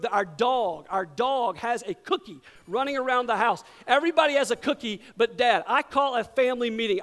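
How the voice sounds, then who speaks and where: A middle-aged male pastor preaching a sermon, telling a story with big swings from loud exclamations to hushed near-whispers. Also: very high-pitched.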